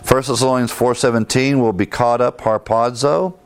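A man's voice: medium pitch, fairly even intonation, normal speed, clean tone. Man preaching an emphatic Bible sermon. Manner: emphatic, repeats key phrases, cites verses.

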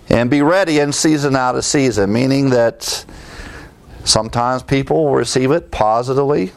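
A man's voice: mid-range voice, normal speed, gravelly. A male pastor preaching a sermon, shifting from explanatory teaching to emphatic, rising exhortations and quizzing the congregation with fill-in questions.

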